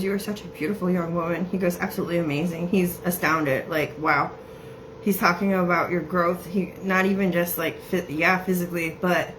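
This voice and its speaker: A woman giving a casual psychic reading, chatty and laughing often as she quotes messages in quick bursts. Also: fairly low pitch, a bit bright, a little hiss or hum, low-quality recording. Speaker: psychic medium.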